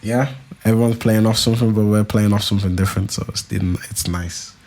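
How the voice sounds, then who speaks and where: A young man, co-hosting a podcast in casual, animated banter, laughing often. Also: on the low side, a little fast. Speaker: podcast co-host. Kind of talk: casual chat.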